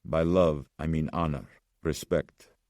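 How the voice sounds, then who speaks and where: A man voicing a grave old survivor who speaks slowly and ominously. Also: a bass voice, fairly even intonation, darkish tone, no room sound, studio quality. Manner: slow, grave, measured.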